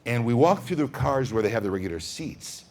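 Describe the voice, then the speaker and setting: A man telling stories to children at a school, dramatic and animated, swinging from whispers to booms. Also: brisk, background noise. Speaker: storyteller. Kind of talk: storytelling to children.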